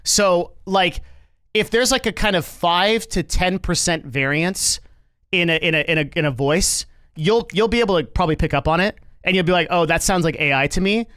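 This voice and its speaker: A man's voice: high-pitched, normal speed, a bit bright, smooth, no echo. A man streaming and reacting to news in casual commentary, rambling with lots of fillers, restarts and swearing.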